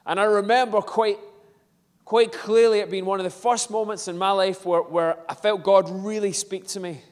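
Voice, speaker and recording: Guy preaching, goes quiet then loud, kinda high voice, big echoey church hall. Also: steady tone, normal speed. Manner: storytelling, swings from hushed to emphatic. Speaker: pastor. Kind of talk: sermon. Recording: long hall reverb.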